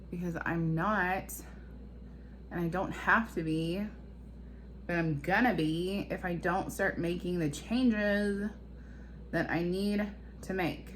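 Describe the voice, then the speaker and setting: Her mid-range voice carries slight background noise as this mother and vlogger speaks to her audience. The talk is confessional and emotional, wandering like self-talk.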